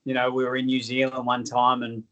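A man's voice: mid-range voice, monotone, a little fast, pushed and bright, low-quality recording. An Australian man, a guest author, earnestly telling stories in an interview, often repeating words as he starts his sentences. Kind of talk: conversational interview storytelling.

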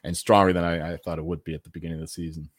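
A man's voice: sits low, little pitch movement, very fast, breathy edge, no echo, clean studio sound. A man co-hosting a sports betting podcast, talking in a rambling way, repeating words and swearing casually. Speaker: podcast co-host.

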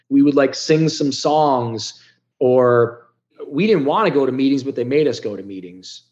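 A middle-aged man, a podcast guest, telling his story candidly and bluntly, with lots of swearing and big swings between loud and soft. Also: mid-range voice, lively intonation, moderate pace, dull audio. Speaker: podcast guest, business founder.

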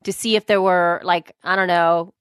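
A woman co-hosting a podcast in casual chat, chatty and excitable, often saying "dude". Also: lowish voice, moderate pace, clean tone, no room sound, studio quality. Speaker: podcast co-host.

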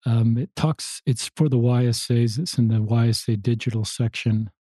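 A male podcast host talks in a thoughtful, affirming way. His voice is mellow and slightly husky. The sound is dry and close to the mic. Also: medium pitch, steady tone, normal speed, dry recording. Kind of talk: casual interview talk.

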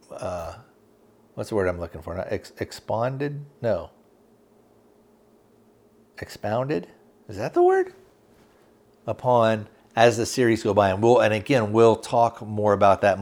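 A male podcast host with a slightly low, a little mellow voice recaps the plot of a TV series he's reviewing. The retelling is rambling and halting, packed with fillers, and he loosely acts out quotes.

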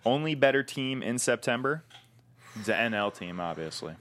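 A man's voice: medium pitch, expressive, normal speed, a bit bright. A man co-hosting a casual sports chat, steadily feeding in stats and questions. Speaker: podcast co-host.

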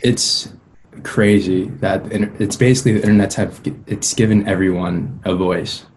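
A young man with a very low, deep voice chats easily as an interview guest. He is relaxed and laughs often. Faint background noise sits under his talk. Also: moderate pace. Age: young adult. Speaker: musician guest. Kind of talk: casual interview chat.

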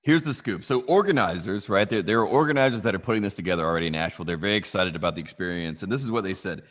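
A man from North Carolina co-hosting a podcast in casual chat, brisk and matter-of-fact like a reporter. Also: deep voice, a bit bright. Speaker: podcast co-host.

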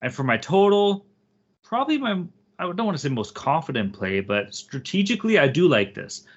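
A man's voice: fairly high pitch, sing-song, moderate pace, husky, highs cut off. A man co-hosting a sports betting podcast, casual, profane and hyped as he talks. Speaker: podcast co-host.

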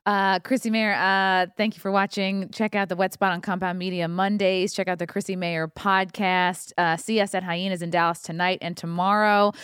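A woman's voice: mid-range voice, flat delivery, a bit bright, clear, resonant tone, no room sound, studio quality. A woman comedian guest plugging her shows and podcast. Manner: quick self-promotion. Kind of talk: casual plug.

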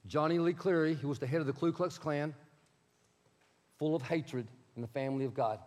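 A man's voice: on the high side, fairly quick, a little mellow, long reverb tail. A male pastor preaching a sermon in a conversational way, with asides to the congregation.

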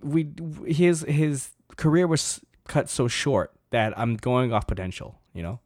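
A man's voice: mid-range voice, lively intonation, unhurried, a little mellow, no echo, clean studio sound. A man co-hosting a casual sports podcast, eager and rambling with many fillers. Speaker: podcast co-host.

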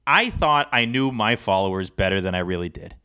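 A man co-hosting a sports podcast, talking in a casual, animated, rambling way. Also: fairly low pitch, brisk, clear, resonant tone. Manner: animated, rambling, self-deprecating. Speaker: podcast co-host.

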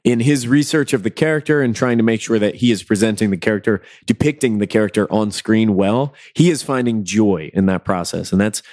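A man's voice: on the low side, fairly quick, hardly any pauses, darkish tone, dry recording. Man, podcast co-host, enthusiastic, playful theorizing, dry close sound. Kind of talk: casual podcast chat.

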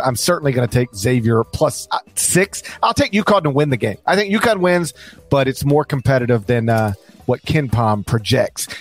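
A man co-hosting a casual sports podcast, rambling and joking, now and then reading lines like an announcer. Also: mid-range voice. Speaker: podcast co-host.

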